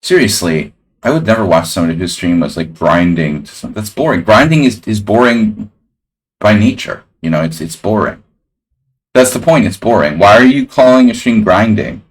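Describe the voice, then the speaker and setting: Deep-voiced guy streaming chess, rambling, chatting with viewers as he plays. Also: expressive, moderate pace. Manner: casual, rambling, talks to chat. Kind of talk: live chess stream commentary.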